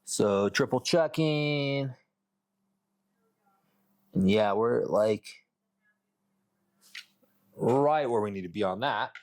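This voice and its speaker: A man's voice: mid-range voice, drawn-out words, long pauses, a little mellow. Rambling man talking through his shop work. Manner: loose and rambling, talks to camera while measuring; mutters and swears to himself mid-task. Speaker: custom truck fabricator. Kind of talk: casual workshop vlog. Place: workshop.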